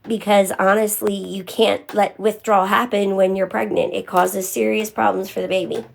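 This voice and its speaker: A woman's voice: mid-range voice, level tone, moderate pace, gravelly. A young woman talking candidly on a live stream, answering viewers by name in casual chat.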